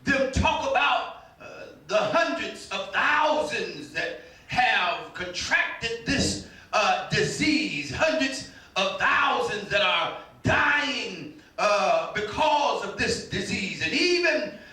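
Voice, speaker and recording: Fervent preacher man, high and echoey. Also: sing-song, takes it slowly. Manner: fervent preaching, shouting and half-singing, repeated stammered starts. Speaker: pastor. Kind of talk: sermon. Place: church sanctuary. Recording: very echoey room, mic at a distance.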